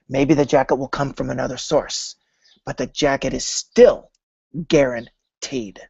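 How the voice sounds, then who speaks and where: Male spiritual vlogger, storytelling delivery, mid pitch, dry and slightly muffled recording. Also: gravelly, slightly rough, no room sound. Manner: storytelling, acting out imagined dialogues. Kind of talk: motivational talk on manifesting. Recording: dry, dull lo-fi sound.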